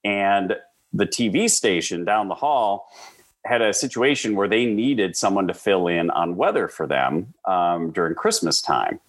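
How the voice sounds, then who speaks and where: Animated Midwestern man telling stories. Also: low voice, a little slow. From American Midwest. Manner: animated, lively storyteller with frequent fillers. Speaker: interview guest. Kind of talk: casual conversational storytelling.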